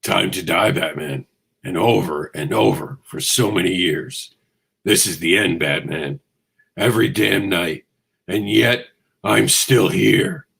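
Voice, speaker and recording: A man putting on a growly voice for a grim male caped vigilante, low and brooding. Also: takes it slowly, creaky, a bit bright, husky, exaggerated voice.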